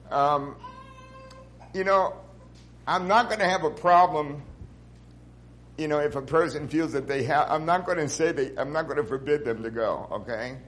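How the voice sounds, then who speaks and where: A male priest answers his congregation's questions in a relaxed, plain-spoken way. He chuckles often and pokes fun at himself as he goes. A faint hiss of noise sits under the recording. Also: mid-range voice, rough recording. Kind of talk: casual Q&A talk.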